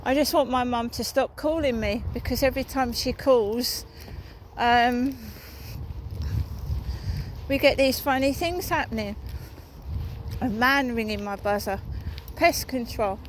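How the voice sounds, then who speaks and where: A woman's voice: on the high side, unhurried, pauses often, slight background noise, low-quality recording. Ranting woman on a walk. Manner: aggrieved, ranting, swears freely. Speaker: vlogger. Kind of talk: rambling walk-and-talk vlog. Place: outdoors on a walk.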